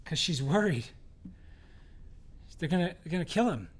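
High-voiced pastor preaching conversationally. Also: male voice, expressive, moderate pace. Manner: conversational, jumps into quoted voices, asks the congregation questions. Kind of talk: sermon.

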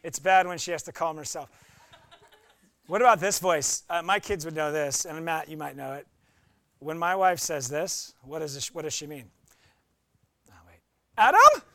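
A man's voice: fairly high pitch, normal speed, a bit bright, dry recording. A middle-aged man preaching a sermon in a playful way, acting out voices and quotes as he talks. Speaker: pastor.

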